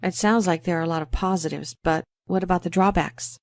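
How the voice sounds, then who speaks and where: A woman voicing a chatty, anxious dog owner in an exam listening recording. She talks in a low-pitched voice over a dry studio sound with no room around it. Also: fairly even intonation, brisk, dry recording, natural voice. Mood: talkative worried. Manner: chatty, fretful, a little embarrassed. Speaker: pet owner in a scripted exam dialogue. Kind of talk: scripted exam role-play.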